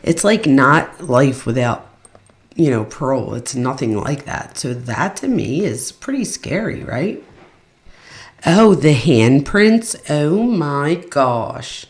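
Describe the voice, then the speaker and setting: Low, gravelly woman hosting a livestream. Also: expressive, takes it slowly. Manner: chatty, addresses viewers as "you guys". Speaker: true crime commentary host. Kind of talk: casual livestream commentary.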